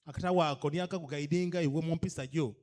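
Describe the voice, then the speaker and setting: Rapid-fire and fairly even in intonation, a man's high, slightly mellow voice addresses cultural leaders. He is a Ugandan-accented guest speaker at a leadership orientation, emphatic and full of rhetorical questions, switching between English and a local language.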